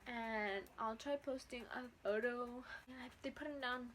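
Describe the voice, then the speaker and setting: A woman's voice: a little high, fairly even intonation, unhurried, fairly bright tone, slight background noise. A teenage woman vlogger telling a casual story from home, blunt and profane with lots of slang. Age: teens.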